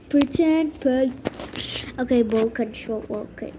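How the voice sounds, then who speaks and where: A young woman with a high voice drawls slowly through her gaming session, muttering and grumbling in exasperation with sudden dramatic outbursts. A steady hiss of background noise sits under her voice. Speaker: gamer. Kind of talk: gaming commentary.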